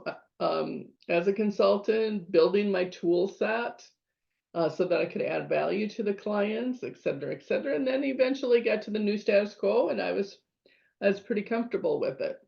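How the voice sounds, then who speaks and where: A middle-aged woman instructor talks through a lesson in a chatty way, acting out her own thoughts as she goes. Her voice has a gravelly edge. The recording sounds a little dull and lo-fi. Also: mid-range voice. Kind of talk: lecture with personal story. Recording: slightly dull lo-fi audio.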